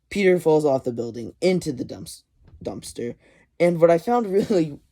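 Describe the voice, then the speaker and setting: Man, comic reviewer, casual recap, mellow voice, mid pitch, animated retelling. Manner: animated retelling with quoted lines and chuckles.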